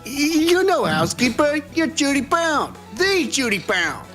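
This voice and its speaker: A fan voice actor playing an excitable young male assistant who gushes like a starstruck fan, with music behind. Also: medium pitch, moderate pace, pitched above the performer's own voice. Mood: excited. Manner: eager and gushing.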